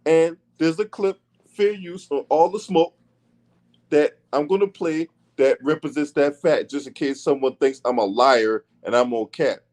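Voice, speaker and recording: A man's voice: a little high, measured pace, darkish tone. Blunt profane man ranting about sports. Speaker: sports commentary channel host. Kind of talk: casual commentary.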